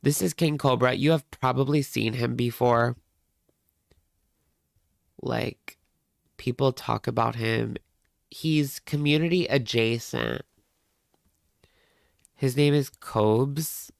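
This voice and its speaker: A man with a heavily gravelly, fry-laden voice hosts a reaction livestream, talking at an unhurried pace. He rambles and chats straight to his viewers. The sound is dry and close, with no room around it. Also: medium pitch, no room sound. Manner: chatty, rambling, talks to viewers. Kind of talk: casual livestream chat.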